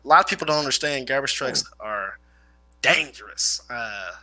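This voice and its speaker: A man's voice: mid-range voice, animated, normal speed, pushed and bright, no room sound, low-quality recording. A man with a rural Midwestern country twang, rambling through stories in casual chat and swearing freely. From Illinois/Indiana area. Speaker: guest, former garbage man.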